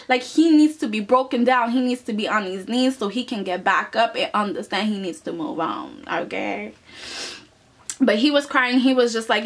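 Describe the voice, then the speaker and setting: A woman reviewing soap opera episodes in casual, animated chat, often tossing in "okay?" and mocking the characters. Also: fairly high pitch, normal speed. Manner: animated, chatty, keeps adding "okay?"; acts out characters in mocking asides.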